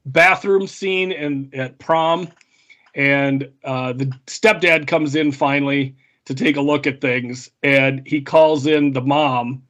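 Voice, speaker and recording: Easygoing male podcast co-host, slightly higher voice. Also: steady tone, slow, fairly bright tone. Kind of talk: casual film chat.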